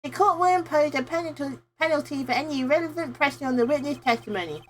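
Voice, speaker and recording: A woman's voice: high-pitched, expressive, fast, a little hiss or hum, voice pushed up. A woman voicing a flustered elderly male judge in a video game, fussy and stammering.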